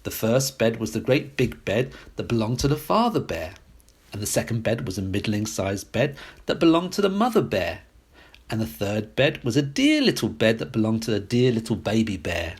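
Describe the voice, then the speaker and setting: A man reading a classic fairy tale aloud as a storyteller, expressive and sing-song. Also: lowish voice, normal speed, breathy edge.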